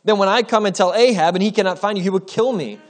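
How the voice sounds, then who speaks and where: A man's voice: sits high, fast, pitched above the performer's own voice, close to an everyday voice. A man voicing a frightened servant who pleads anxiously with a raised voice. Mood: fearful pleading.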